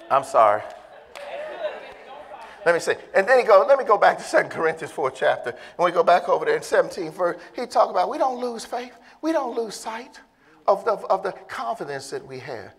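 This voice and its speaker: A bishop preaching a sermon to a congregation, moving from low, casual talk to loud, impassioned calls and laughing between lines. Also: big pitch swings, a little fast. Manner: casual vernacular grammar.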